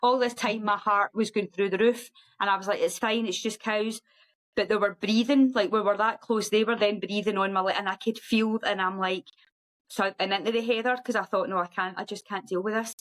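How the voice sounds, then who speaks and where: A middle-aged woman, a guest on a podcast, telling a story in a lively, animated way and acting out other people's voices. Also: fairly quick, poor audio. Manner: lively, acts out quoted voices in a high sing-song. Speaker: guest ultra runner.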